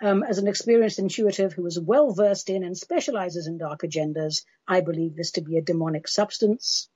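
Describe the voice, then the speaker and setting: Husky-voiced woman hosting a spiritual talk show. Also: on the low side, fairly quick, a little mellow, dry recording, dull audio. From United States. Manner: emphatic, declarative and frank. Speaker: host. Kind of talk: metaphysical talk show monologue.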